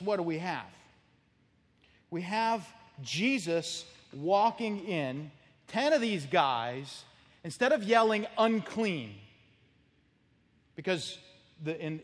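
A man preaching an expository sermon as pastor, telling the story with lively emphasis and sudden loud outbursts. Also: a little high, long reverb tail.

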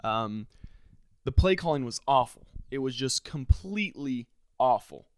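A man hosting a podcast, delivering a frustrated, sarcastic solo rant with sudden leaps up in pitch and loudness. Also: animated, a little slow, no echo, studio quality. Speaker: podcast host.

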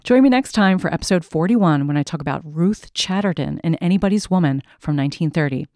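A woman hosting a podcast, reading a memoir aloud with expressive, dramatic delivery. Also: sits low, quick pace, dry recording, clean studio sound. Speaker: podcast host.

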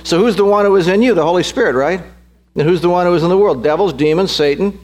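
A man's voice: sits high, quick pace, darkish tone. A middle-aged man preaching a sermon as pastor, emphatic and repeating phrases for stress.

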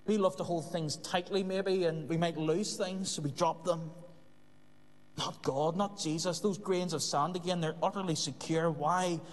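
A man preaching a sermon in an earnest way, repeating key phrases for emphasis. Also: a little high. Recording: long hall reverb.

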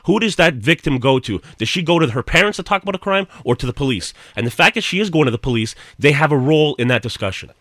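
A man's voice: on the high side, animated, fast talker, hardly any pauses, fairly bright tone, no echo, studio quality. A man on a radio panel as legal expert, insistent, stammering over his starts. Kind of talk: panel discussion.

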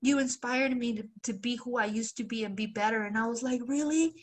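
A woman's voice: a little high, steady tone, a little fast. A woman co-hosting a podcast, telling a long story in casual chat, acting out the quoted voices and laughing often. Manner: loose swearing and filler. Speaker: podcast co-host.

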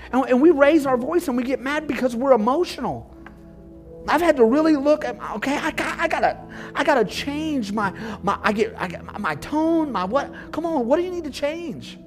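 A pastor preaching an emphatic sermon to his congregation about marriage. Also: very high-pitched. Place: church.

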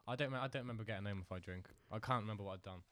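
A man's voice: on the low side, rapid-fire, a bit bright, no room sound. A young man talking sheepishly in casual chat among friends. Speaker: podcast guest.

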